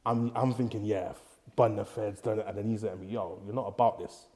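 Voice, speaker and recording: A man's voice: on the low side, steady tone, a little fast, a little mellow. A young man with a Bristol accent, telling stories in a casual chat in street slang and acting out the people he quotes. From England. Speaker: podcast guest, prison officer.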